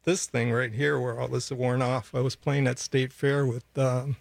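A man from Milwaukee, a bass player, telling stories in a relaxed radio studio chat, full of "uh" and easy laughs. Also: moderate pace, creaky. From Milwaukee, Wisconsin. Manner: relaxed storytelling with many fillers and laughs. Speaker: bassist guest. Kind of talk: casual interview chat.

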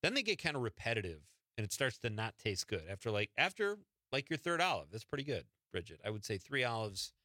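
A man's voice: lowish voice, sharp tone, no room sound, studio quality. A man hosting a late-night radio show, chatting easily and laughing often as he reads listener texts. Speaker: radio host. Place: radio studio.

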